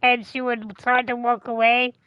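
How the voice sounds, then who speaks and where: A woman streamer chatting casually, telling a rambling, profane, animated story. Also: a little high, moderate pace, clear, resonant tone, dry recording, highs cut off. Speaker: game streamer. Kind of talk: casual chat.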